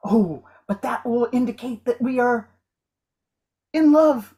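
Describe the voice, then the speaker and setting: A woman's voice: fairly high pitch, slow pace, mellow, husky. A woman performing comic improv scenes, overacting with mock old English flourishes. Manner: over-the-top theatrical, mock old English. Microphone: video call.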